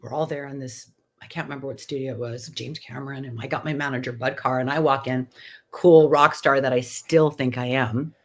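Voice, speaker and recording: A woman in her sixties, a podcast guest, telling an animated story and acting out the dialogue. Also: very deep voice, a little fast. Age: 60s. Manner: animated, acts out quoted dialogue. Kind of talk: anecdotal storytelling in conversation.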